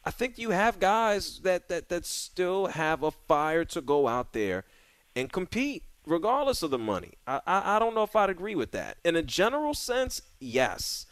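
A man hosting a sports radio talk show, talking in a relaxed, conversational way. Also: sits high, moderate pace, no room sound.

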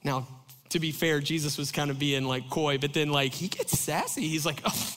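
Guy pastor preaching casual, kinda high bright voice, lots of "like", rings out in a big hall. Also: normal speed. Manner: rambling and chatty, many fillers, jokey asides to the congregation. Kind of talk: conversational sermon.

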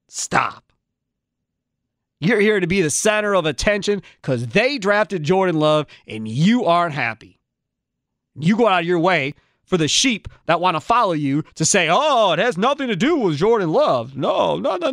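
A man's voice: high voice, fairly bright tone, dry recording, clean studio sound. A man hosting a sports talk radio show, ranting in a fired-up way and firing off repeated rhetorical questions.

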